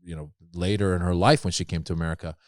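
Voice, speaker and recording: A man's voice: low voice, quick pace, dry recording, studio quality. A middle-aged man, a comedian guest on a podcast, telling stories in casual chat and acting out the voices of the people he quotes. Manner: animated storyteller, acts out quoted voices.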